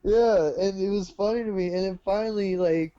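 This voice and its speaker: A man co-hosting a podcast, retelling a movie plot in a profane, animated casual chat. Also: sits high, normal speed, clear, resonant tone, highs cut off. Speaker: podcast co-host.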